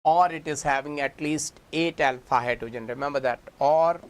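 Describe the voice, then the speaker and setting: A man's voice: fairly high pitch, normal speed. A man with an Indian English accent teaching chemistry in an exam-prep lecture, speaking to students as kids and acting out the molecules. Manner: animated, addresses students as kids, acts out molecules.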